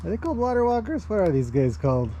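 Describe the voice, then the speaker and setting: A man's voice: high voice, sing-song, fast, dark tone, a little hiss or hum. A man chatting casually in a vlog while walking outdoors among his horses, greeting them in a lifted, sing-song voice. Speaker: horse trainer and owner. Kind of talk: casual walk-and-talk vlog.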